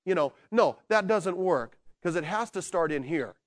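Animated, fairly high-voiced male preacher. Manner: animated, swinging from quiet emphasis to excited shouting; slows down to stress key words. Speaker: pastor. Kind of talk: sermon.

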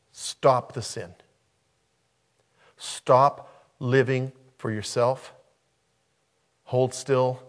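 A man's voice: medium pitch, creaky. A man preaching a sermon as a pastor, emphatic and repeating key phrases for weight.

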